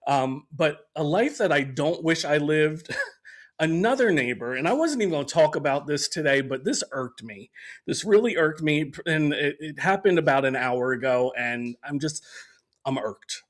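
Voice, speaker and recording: A man's voice: fairly high pitch, expressive, normal speed. A man hosting a podcast in casual chat, rambling with many fillers and laughing easily. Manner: rambling and conversational, with frequent fillers and restarts; laughs easily between remarks. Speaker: podcast host.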